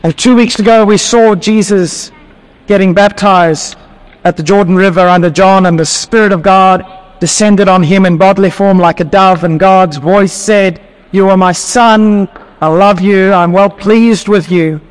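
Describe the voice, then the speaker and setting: A pastor with a high voice, still a little worn from laryngitis, prays and reads scripture in a plain, earnest way. His words ring out with a long reverb through a hall. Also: steady tone, a little slow, clean tone. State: recovering from laryngitis. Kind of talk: sermon with prayer and scripture reading.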